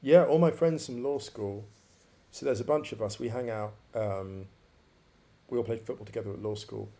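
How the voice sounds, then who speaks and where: A man's voice: mid-range voice, normal speed, mellow. A man around forty, a podcast guest, reflectively telling his life story and repeating phrases for emphasis.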